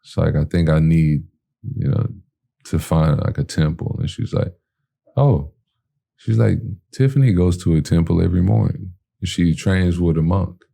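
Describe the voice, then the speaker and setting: With a deep, creaky voice at a moderate pace, this man relates something that happened to him in a relaxed way. He performs the dialogue of everyone involved, himself included, and fills his speech with fillers.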